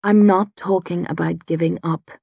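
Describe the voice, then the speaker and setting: A woman voicing a wounded older male druid, gruff and stubborn, speaking low and strained in an audiobook. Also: steady tone, moderate pace, mellow, no room sound. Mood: weary.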